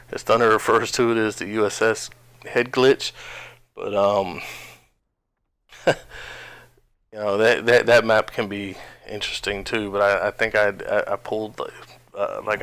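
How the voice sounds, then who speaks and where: A man's voice: on the low side, fairly bright tone, clear, resonant tone. A man from New Jersey with a slight twang, giving rambling, casual commentary over his own gameplay on a headset. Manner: rambling, many restarts and fillers. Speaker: gaming channel host.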